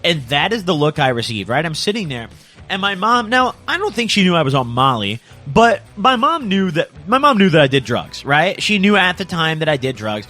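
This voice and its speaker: A man's voice: on the high side, pushed and bright. A young man telling a comic story in a casual, slangy way, tagging lines with "bro" and "dude".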